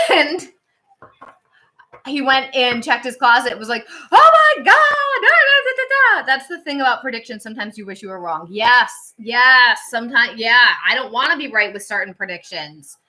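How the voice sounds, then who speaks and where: A woman's voice: a little high, animated, moderate pace, pushed and bright. A woman tarot reader casually telling stories on a livestream, chatty and full of fillers and restarts.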